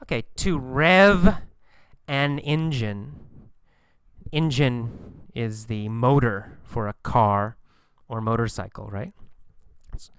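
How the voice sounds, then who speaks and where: A man teaching English vocabulary, explaining slang slowly and patiently, repeating words and examples and acting out lines with sudden bursts of energy. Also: mid-range voice, clean tone. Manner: acts out lines and engine sounds with bursts of volume.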